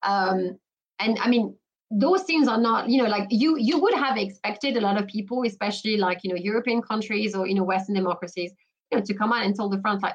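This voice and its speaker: A woman's voice: mid-range voice, quick pace, muffled recording. A woman talking as a guest on a podcast interview, emphatic and full of restarts and "you know" fillers. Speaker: guest commentator.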